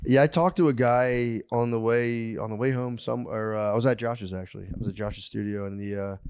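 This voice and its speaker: A man co-hosting a comedy podcast, chatting casually, laughing often and dropping quieter while telling stories. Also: medium pitch, fairly even intonation, brisk, clean tone. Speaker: podcast co-host.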